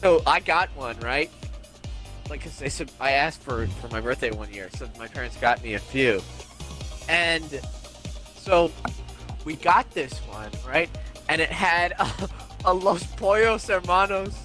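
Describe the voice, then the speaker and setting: A young man co-hosting a podcast, telling stories in a casual, animated way and acting out what people said. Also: fairly high pitch, a little slow, faint music behind. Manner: animated storytelling, acts out quotes. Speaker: podcast co-host. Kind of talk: casual chat.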